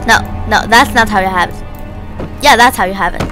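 A woman's voice: a little high, very animated, moderate pace, music in the background. A woman giving playful, jokey let's play commentary, talking to the objects in the game. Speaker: gamer.

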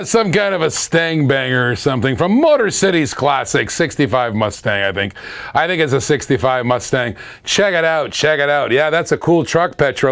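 A middle-aged man from Canada hosting a live auction stream, calling bids, laughing and chatting with viewers. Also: on the high side.

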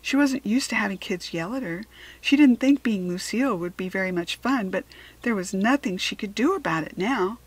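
A woman's voice: medium pitch, animated, normal speed, slightly rough. Woman reading a children's book aloud.

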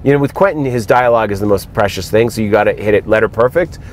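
A man telling animated stories as a guest in a moving car, acting out quotes in other voices. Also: lowish voice, fast talker, slight background noise. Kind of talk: casual storytelling in a car.

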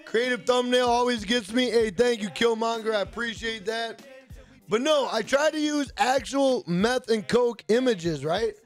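A gaming streamer with a very high-pitched voice talks at an unhurried pace over faint background music. He rambles, swears, cracks jokes and reads his viewers' chat messages aloud while playing live.

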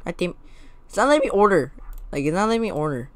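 A woman chatting frantically while playing a co-op cooking game, swearing, laughing and shouting orders at her teammate. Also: on the low side, sing-song, quick pace. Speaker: gamer. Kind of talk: casual co-op gameplay chat.

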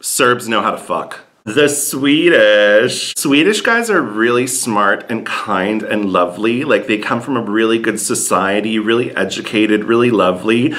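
Sassy, bright-voiced comedian man. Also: fairly low pitch, unhurried, hardly any pauses. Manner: sassy, campy, blunt. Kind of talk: comedic monologue.

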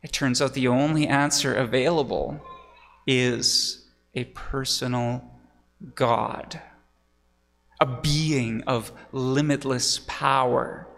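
In a church sanctuary with long reverb, a pastor preaches to his congregation, teaching as he goes and posing questions to those listening. He has a medium-pitched, gravelly voice that is a bit bright.

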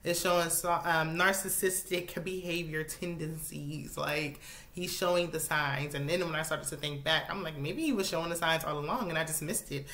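Woman, recap host, fairly low pitch, bright edgy tone, casual and opinionated. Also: moderate pace. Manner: chatty and opinionated, laughs often. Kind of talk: casual reality show recap.

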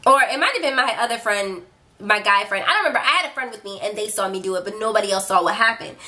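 A woman's voice: medium pitch, fast. A young adult woman vlogger telling a story to camera in a casual, chatty way, talking straight to her viewers. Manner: animated, chatty storytelling, addressing viewers directly.

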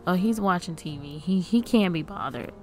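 A woman's voice: lowish voice, moderate pace, mellow, soft background music. A woman casually narrating a life-sim game, chatty and amused, talking to the characters on screen. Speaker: game streamer.

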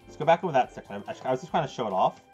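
A young man chatting casually to his live-stream viewers while playing a game, rambling, excitable and quick to laugh. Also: medium pitch. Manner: rambling, excitable, laughs often, talks to chat. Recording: dull lo-fi stream audio with game music. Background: game music.

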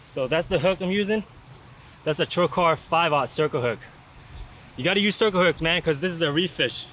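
A man's voice: on the high side, moderate pace, fairly bright tone. A man talking casually to viewers from a fishing pier, explaining his gear in an easy-going way and often saying "man". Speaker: fishing vlogger. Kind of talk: casual outdoor fishing vlog. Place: outdoors on a fishing pier in rain and wind. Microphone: camera-mounted mic. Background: wind, rain and outdoor ambience.

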